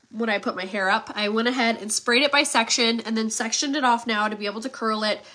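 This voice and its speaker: A woman's voice: fairly high pitch, bright, forceful tone. A congested woman in her thirties hosting a live beauty demo and giveaway, chatty and upbeat with lots of fillers. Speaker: beauty livestream host.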